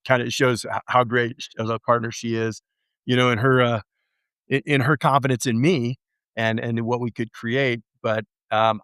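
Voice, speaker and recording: A man telling his story as an interview guest, halting and restarting often, with lively acted-out quotes. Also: medium pitch, no room sound, clean studio sound. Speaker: real estate investor guest.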